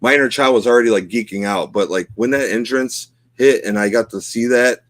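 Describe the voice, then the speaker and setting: This middle-aged man, co-hosting a podcast, talks casually and emotionally, wandering off with plenty of fillers. His mid-range voice runs a little fast, and there's no echo.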